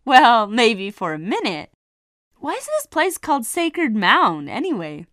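A woman doing an excitable young boy. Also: fairly high pitch, a little slow, dry recording, studio quality, heavily acted. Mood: sheepish.

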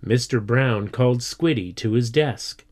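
Brief: male storybook narrator, slow, steady delivery. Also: medium pitch. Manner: slow, deliberate. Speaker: reader.

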